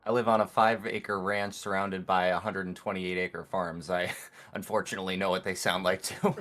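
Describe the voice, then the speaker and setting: A man's voice: deep voice, little pitch movement, moderate pace, heavy background noise. A man on a trading livestream, joking dryly and calling out market timings. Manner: dry, joking, gives market time calls. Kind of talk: casual chat.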